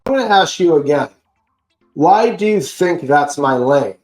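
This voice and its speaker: A podcast host, a man, retelling an online argument in a casual, animated and profane way. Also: a little high, measured pace, echoey room, soft background music, poor audio. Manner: animated, profane, indignant storytelling.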